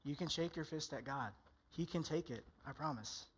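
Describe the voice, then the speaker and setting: A man's voice: fairly high pitch, normal speed, a little hiss or hum. A male pastor preaching a candid, conversational sermon in church, often acting out people's inner voices.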